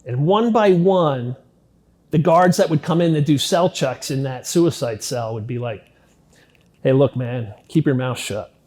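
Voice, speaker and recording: A middle-aged man telling his own life story in an interview, speaking candidly, swearing casually and dropping very low at the darkest parts. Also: measured pace. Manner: candid, drops to near-quiet at grim moments, swears casually. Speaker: interview guest.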